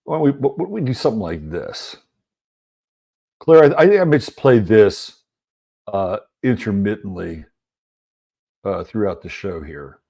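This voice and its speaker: A man's voice: lowish voice, expressive, unhurried, creaky, long pauses, warm tone. A man hosting a casual livestream, chatting loosely and greeting viewers in the chat one by one. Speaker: livestream host.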